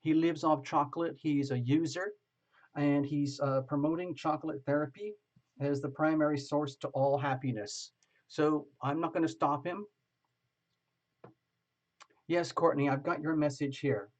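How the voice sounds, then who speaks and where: A chatty man with a fairly high voice hosts a casual live tarot stream, greeting viewers one by one. The sound is dull and muffled, like a lo-fi recording. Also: steady tone, unhurried. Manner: chatty, greets viewers by name, laughs often.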